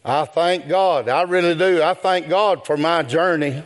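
An older man, preaching a sermon in a rhythmic style that builds to shouts. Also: fairly high pitch, a little slow.

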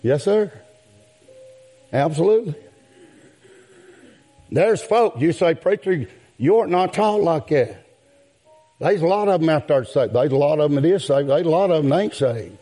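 A man preaching a sermon in a drawn-out cadence that rises into outbursts. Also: fairly high pitch, lively intonation, warm tone, soft background music. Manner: calls out "my friend" and "yes, sir".

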